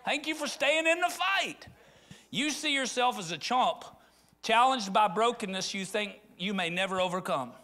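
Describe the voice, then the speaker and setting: A man's voice: sits high, expressive, moderate pace, pushed and bright. A middle-aged man from rural Arkansas, preaching a conversational sermon that rises into fervent appeals. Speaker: pastor.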